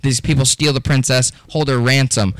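A man's voice: mid-range voice, fairly even intonation, moderate pace, no room sound. A man casually recounting a show episode on a podcast, laid-back with slang and swearing. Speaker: podcast co-host. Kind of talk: casual chat.

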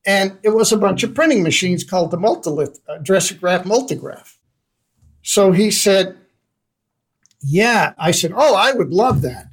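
An older man from the Netherlands, a guest in an interview, telling a personal story in a lively way and acting out the lines of the people in it. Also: sits high, a little slow, rough recording. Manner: animated storyteller who acts out dialogue. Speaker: guest investor.

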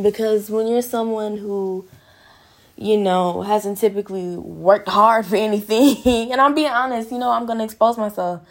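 A young woman hosting a podcast in casual, frank monologue, swearing freely and calling listeners girl and honey. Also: on the high side. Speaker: podcast host.

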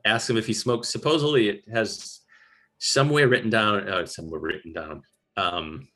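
A man hosting a casual chat, rambling through a movie recap with quick asides. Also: on the low side, pushed and bright.

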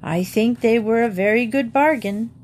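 A small, well-mannered young bear speaks up earnestly in a storybook reading, as a woman reader puts him on. His voice sits a little higher than hers and stays eager to please. A faint hum runs behind the recording. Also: moderate pace, darkish tone, natural voice.

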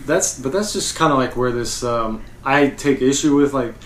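A man in casual podcast chat, giving his take on a film in a halting way with many fillers. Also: medium pitch. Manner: hesitant, halting, lots of fillers. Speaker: podcast co-host. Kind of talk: casual movie review chat. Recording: roomy echo with faint background noise.

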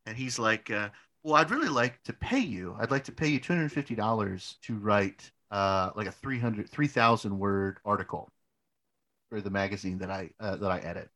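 A young man spins a story in casual podcast talk, his bright voice rising and falling in wide, animated swings. He trips over his words, restarts often and scatters "like" fillers and the odd swear word. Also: fairly low pitch, moderate pace. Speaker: podcast co-host.

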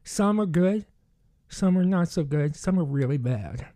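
Man, podcast co-host, high voice, speech impediment, profane, joking storyteller. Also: animated, a little slow, dark tone, slight background noise. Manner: profane, joking, acts out quoted lines. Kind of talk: casual storytelling chat.

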